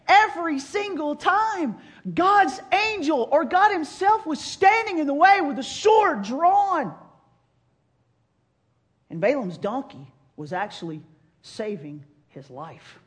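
Animated high-voiced woman preaching. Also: unhurried. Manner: animated storytelling, wide swings between loud and hushed. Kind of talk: sermon.

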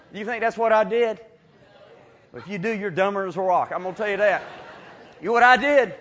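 A man preaching, telling a comic story in a sermon. His voice sits high and sounds bright and sharp, and he jumps between loud bursts and hushed asides. The recording is a little muffled. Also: fairly quick.

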